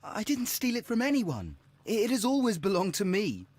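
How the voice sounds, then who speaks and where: A jittery young suspect stammers defensively in a high voice. His pitch jumps around widely as he protests. It is game dialogue, tense and evasive. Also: wildly swooping pitch, normal speed, a little mellow, slight background noise. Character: nervous young male suspect. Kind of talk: video game voice acting.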